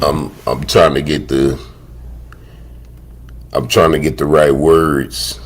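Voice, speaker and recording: A man's voice: a bass voice, creaky, slight background noise. A man hosting a livestream in casual chat, hesitant and slangy, often repeating himself. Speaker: livestream host.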